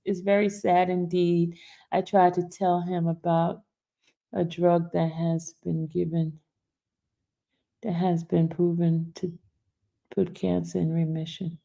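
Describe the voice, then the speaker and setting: A woman's voice: mid-range voice, gravelly, darkish tone. A woman hosting a live stream, chatting casually and reading viewer comments, emotional and laughing through tears. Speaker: YouTube host.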